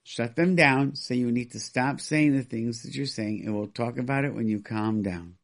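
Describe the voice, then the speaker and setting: A man's voice: medium pitch, normal speed, gravelly. A man hosting a call-in radio advice show, speaking emphatically and acting out what parents say. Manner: emphatic, acts out quoted parents.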